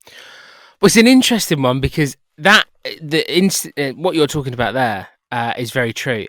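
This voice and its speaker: A man's voice: mid-range voice, expressive, normal speed, a bit bright, no room sound. A man guest on a podcast, a hairstylist telling stories in casual chat and laughing at himself.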